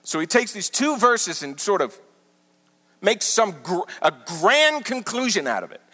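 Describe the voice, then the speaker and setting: A man preaching a sermon as pastor, teaching with animated, emphatic repetition. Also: sits high, measured pace. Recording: large hall with long reverb.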